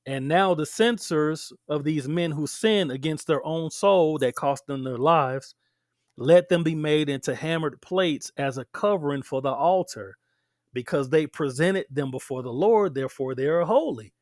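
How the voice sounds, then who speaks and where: A man's voice: a little high, a little slow, darkish tone, dry recording, clean studio sound. A man teaching scripture aloud, reading verses and breaking in with emphatic, conversational asides to his listeners. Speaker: Bible teacher.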